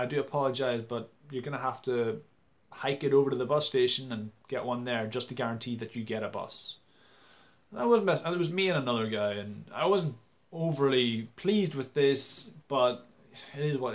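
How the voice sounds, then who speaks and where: Man, young, exasperated rant, stumbling restarts, mid-pitched voice. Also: lively intonation, brisk. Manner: exasperated, stumbling restarts, acts out quoted people loudly. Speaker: vlogger. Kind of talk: casual ranting monologue.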